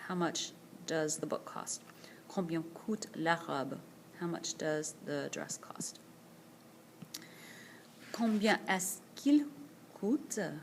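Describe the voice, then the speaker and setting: A woman teacher recording a screencast vocabulary lesson, speaking slowly and carefully and repeating each word for pronunciation practice. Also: sits low, steady tone, gravelly, a little hiss or hum. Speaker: French teacher. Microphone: tablet screencast voice-over.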